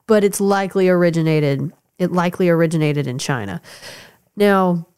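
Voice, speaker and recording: A woman's voice: fairly low pitch, moderate pace, a little mellow, clear, resonant tone. A woman with a stuffed-up nose co-hosting a podcast, explaining things in an upbeat, casual way. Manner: explanatory, upbeat, laughing easily. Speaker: podcast co-host. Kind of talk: casual chat.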